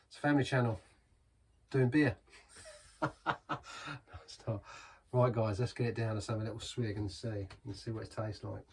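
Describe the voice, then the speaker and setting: Husky man reviewing beer. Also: medium pitch, fairly even intonation, normal speed, long pauses, a little mellow, recorded from a distance. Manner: chatty and rambling, savouring. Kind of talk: casual beer review vlog.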